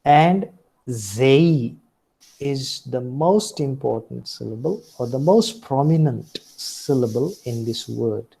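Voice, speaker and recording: A man with an Indian English accent teaches a recorded lecture in a slow, deliberate way, often pausing on fillers and correcting himself. His voice is dark and husky, with a gravelly fry at the edges. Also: medium pitch, expressive, rough recording.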